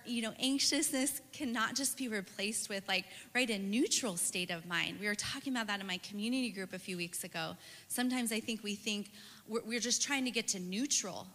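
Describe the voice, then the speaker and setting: Bright-voiced woman giving a devotional talk. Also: mid-range voice, normal speed, in a large hall. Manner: earnest, personal, with frequent "right" fillers. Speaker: speaker at a church women's gathering.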